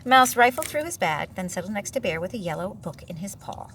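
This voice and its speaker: A woman's voice: medium pitch, a little fast. Woman reading a picture book aloud, distant. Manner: gentle, expressive, chatting with the child. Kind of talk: storybook read-aloud with asides. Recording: distant mic, faint room noise.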